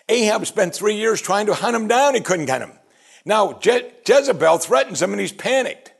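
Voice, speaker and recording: A man preaching a sermon, animated and asking his listeners one rhetorical question after another. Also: high-pitched, normal speed, vocal fry, breathy edge. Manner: animated, asks the audience many rhetorical questions. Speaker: pastor.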